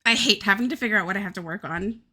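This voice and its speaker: A woman streamer chatting casually with her viewers while she draws, crude, self-mocking and quick to giggle. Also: mid-range voice, sharp tone. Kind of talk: casual livestream chat while drawing.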